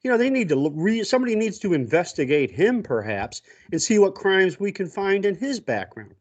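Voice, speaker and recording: A man's voice: sits high, sing-song, brisk, highs cut off. A man co-hosting a casual political chat, blunt and indignant, cursing freely. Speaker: co-host.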